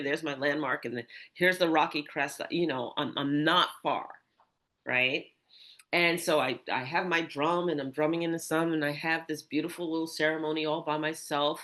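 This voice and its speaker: Podcast host, chatty animated storyteller, middle pitch. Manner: animated storyteller, many restarts and asides. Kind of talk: storytelling in casual conversation.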